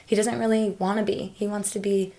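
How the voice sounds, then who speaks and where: A woman's voice: medium pitch, level tone, brisk, gravelly, warm tone. A young woman talking openly as a podcast guest, chatty and full of fillers and restarts. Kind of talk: casual conversational interview.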